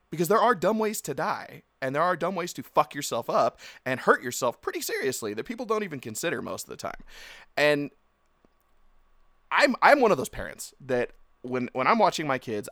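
A man's voice: mid-range voice, a bit bright, dry recording. A man in his thirties hosting a solo podcast, ranting bluntly and swearing casually. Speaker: podcast host.

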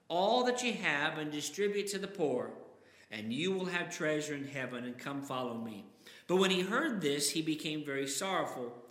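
A man's voice: a little high, fairly bright tone. A man preaching a sermon, reading scripture aloud with dramatic emphasis. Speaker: pastor. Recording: echoey hall with long reverb.

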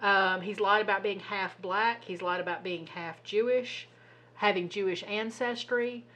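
A woman co-hosting a casual podcast, telling a story in an animated, exasperated way and swearing now and then. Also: mid-range voice, measured pace. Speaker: podcast co-host. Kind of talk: casual chat.

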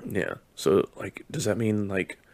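A man's voice: a little slow, a little mellow. A man co-hosting a podcast, talking bluntly and crudely in casual banter. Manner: gravelly, blunt and profane, gasps and laughs easily. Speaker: podcast co-host. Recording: scratchy low-quality audio.

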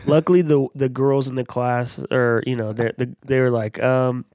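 Man chiming in on a podcast. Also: medium pitch. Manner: lively storyteller who quickly agrees and chimes in. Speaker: podcast co-host. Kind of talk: casual chat.

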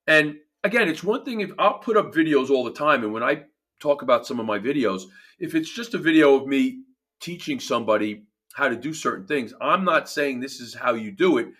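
A man's voice: medium pitch, expressive, fairly quick, a bit bright. A man with a New Jersey accent, a performance coach talking emphatically in a casual podcast chat, often restarting his phrases.

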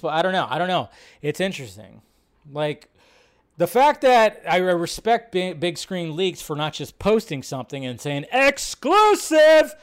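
A man hosting a casual live film news stream, talking in a rambling, chatty way and stopping often to react to the headlines he reads. His voice sits a little high for a man and comes across smooth and clear. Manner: casual and quick, many fillers and restarts.

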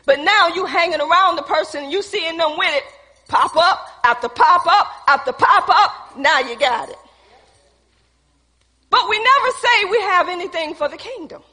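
A woman preaching a lively sermon, laughing and calling out to her congregation. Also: very high voice, moderate pace. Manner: calls out to the congregation, laughing, playful. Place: church hall. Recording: reverberant church hall.

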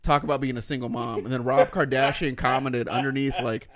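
A man's voice: medium pitch, steady tone, quick pace, hardly any pauses, fairly bright tone. A man hosting a podcast, joking crudely in casual banter. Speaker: podcast host.

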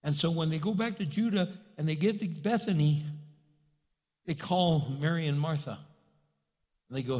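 Animated male pastor preaching in a hall. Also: on the high side, normal speed, long pauses. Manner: conversational, animated, acts out quotes. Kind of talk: sermon. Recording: long reverb in a large hall.

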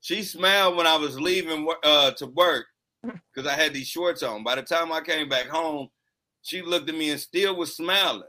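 Bright-voiced man, casual podcast banter. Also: a little high, moderate pace, rough recording. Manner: laid-back, candid, swearing freely. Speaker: podcast co-host. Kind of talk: casual chat.

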